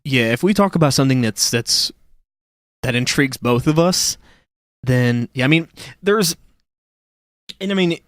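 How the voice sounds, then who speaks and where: Easygoing podcast co-host, dry sound. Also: male voice, mid-range voice, expressive, unhurried, long pauses, no room sound. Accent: Ohio. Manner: easygoing, agreeable, laughs often. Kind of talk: casual chat.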